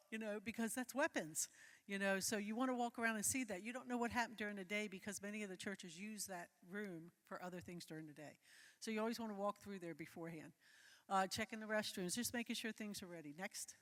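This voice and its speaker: A woman's voice: mid-range voice, fairly quick, a bit bright, big-room sound. Chatty woman leading a volunteer training. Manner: conversational, checks in with listeners; loose, filler-heavy phrasing. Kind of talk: live training talk with slides.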